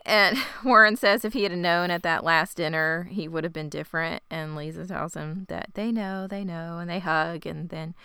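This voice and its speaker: A woman's voice: on the low side, fairly even intonation, moderate pace, few pauses, bright, forceful tone, clean tone, no echo. A woman chatting casually as a podcast co-host, with dry, wry asides. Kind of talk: casual chat.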